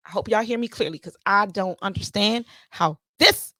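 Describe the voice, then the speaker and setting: A woman hosting a podcast, telling a story in a casual, animated monologue and repeating herself for emphasis. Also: medium pitch, normal speed, no echo, clean studio sound. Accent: playful put-on Jamaican-style lilt at times. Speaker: podcast host.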